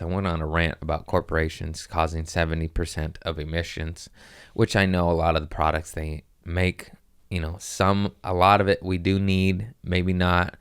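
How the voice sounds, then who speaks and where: A man's voice: sits low, clear, resonant tone, no echo, clean studio sound. A man hosting a podcast, telling rambling stories in a casual chat and acting out what people said. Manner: rambling, animated storytelling with voiced quotes. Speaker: podcast host.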